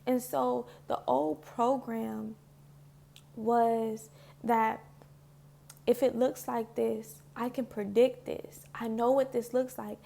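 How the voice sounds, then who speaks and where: Speaking slowly to the camera, a woman with a fairly high, gravelly yet mellow voice and mostly even intonation reflects casually on spiritual healing. She's earnest and heartfelt, her speech loose and sprinkled with "like," and she sounds emotional, almost in tears.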